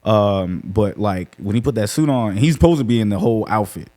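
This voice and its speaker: Animated, swearing man telling a story. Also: lowish voice, a little fast. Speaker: podcast panelist. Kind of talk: casual profane chat.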